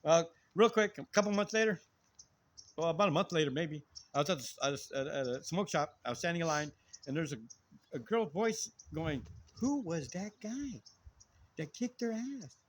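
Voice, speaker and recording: A man co-hosting a channel, telling a story in casual chat, excitable and full of restarts, shouting sound effects. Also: a little high, brisk. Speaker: co-host.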